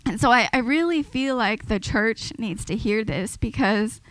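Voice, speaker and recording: A woman's voice: on the high side, measured pace, fairly bright tone, dry recording, low-quality recording. A woman giving an informal, earnest sermon to a church, talking conversationally and often restarting her sentences. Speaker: preacher.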